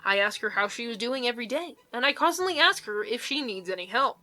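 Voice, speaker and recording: A woman's voice: a little high, lively intonation, fast, pushed and bright, low-quality recording. A young woman reading online posts aloud and reacting with blunt, incredulous commentary and laughter. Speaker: YouTuber reading Reddit posts.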